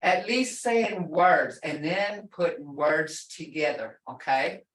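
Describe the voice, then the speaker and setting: A woman language instructor leading a class through slow, repetitive syllable drills and explaining pronunciation emphatically. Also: sits low, animated. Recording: echoey room, voice from a distance.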